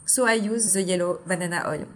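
A woman's voice: fairly low pitch, fairly quick, a bit bright, a little hiss or hum. A woman in her forties with a French accent, a brand founder explaining her products in an interview in an earnest, step-by-step way. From Martinique. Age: 40s.

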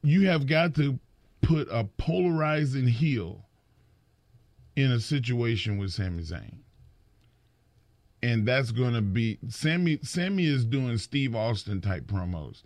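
Animated middle-aged man telling wrestling stories. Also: medium pitch, takes it slowly, no room sound. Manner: animated storyteller, acts out quotes, repeats words. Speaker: wrestling podcast co-host. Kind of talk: casual chat.

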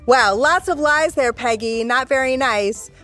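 A woman's voice: high voice, a little slow, fairly bright tone, soft background music. A woman hosting a podcast game show in a bubbly, playful way. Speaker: quiz show host.

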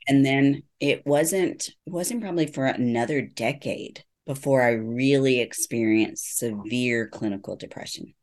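A woman's voice: a bass voice, a little slow, few pauses, darkish tone. A middle-aged woman, a neuropsychologist, telling her story as an interview guest in an earnest storytelling manner. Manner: earnest storytelling, acts out quoted dialogue. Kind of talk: personal testimony in interview.

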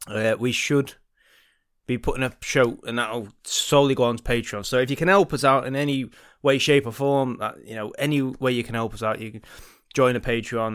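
A man's voice: mid-range voice, fairly bright tone, clean tone, dry recording, studio quality. A man hosting a podcast, telling a crude joke and rambling casually. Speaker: podcast co-host.

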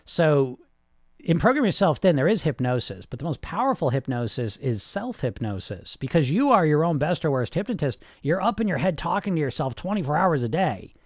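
A man hosting a podcast as a weight-loss hypnotist, giving a blunt, profane, rapid-fire motivational monologue. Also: fairly high pitch, sing-song, no echo, clean studio sound.

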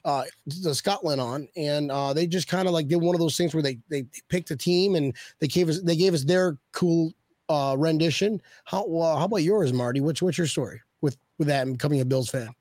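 A man's voice: on the high side, brisk, a little mellow, no echo. A man hosting a casual video-call show, asking loose, rambling questions full of fillers. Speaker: host. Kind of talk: casual chat.

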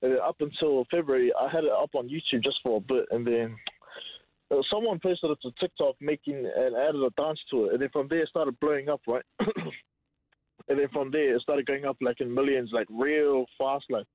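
Musician guest, a man from Samoa, mid-pitched and halting, heard over a thin phone line. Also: no echo. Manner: hesitant, lots of um and like. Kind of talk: casual phone interview.

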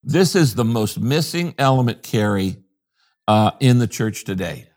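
A man's voice: medium pitch, expressive, unhurried, a little mellow. An older man, a pastor from the United States, talking in an interview in an emphatic, preacherly way and repeating his key phrases. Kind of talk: interview conversation.

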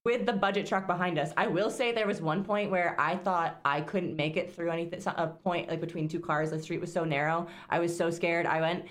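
A woman's voice: fairly low pitch, fairly even intonation, a little fast, hardly any pauses. A young woman co-hosting a podcast, telling a long road-trip story in casual chat, rambling with lots of fillers and laughs. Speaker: podcast co-host.

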